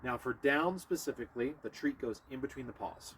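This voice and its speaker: A man with a husky, slightly breathy voice at an ordinary middle pitch leads a hands-on dog training lesson. He talks viewers through each step and turns aside to praise or coax the dog beside him. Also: animated, a little fast, a bit bright. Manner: explains step by step to viewers while working a dog.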